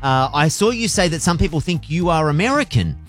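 A man's voice: on the high side, expressive, brisk. A man hosting a radio interview in a studio, chatty and teasing. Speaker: radio host. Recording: music playing behind.

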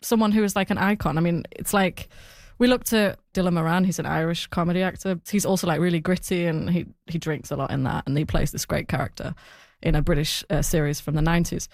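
A woman talking as a guest about a podcast she created. She chats in an animated way, filling her sentences with "like" and "I mean." Her voice sits a bit low and sounds dry and close. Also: fast talker, hardly any pauses, no echo. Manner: animated, chatty, lots of "like" and "I mean". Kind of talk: interview answers.

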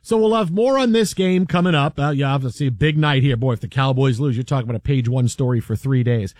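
A man's voice: mid-range voice, fast talker, a little mellow, no room sound, clean studio sound. A man hosting a sports talk radio show, bantering and joking in a rambling, teasing way. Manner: jokey, rambling, teasing co-host. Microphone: studio microphone.

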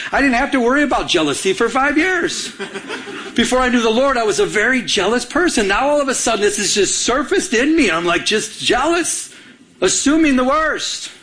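A middle-aged man from Michigan preaching a sermon and telling a personal story with animated, acted-out dialogue. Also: extremely high pitch. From Michigan, USA. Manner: animated storytelling, acting out his own past jealousy. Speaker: pastor.

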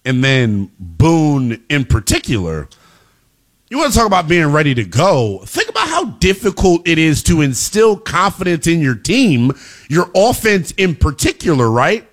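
Man, sports radio host, lively higher voice, emphatic, shouts at peaks. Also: unhurried. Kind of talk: sports talk radio monologue.

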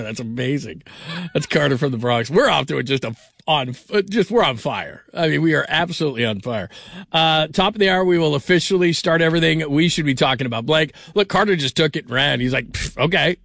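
A man's voice: fairly high pitch, a little fast, creaky, a bit bright, dry recording. Chatty man hosting late-night sports radio. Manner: rambling, laughing, many restarts.

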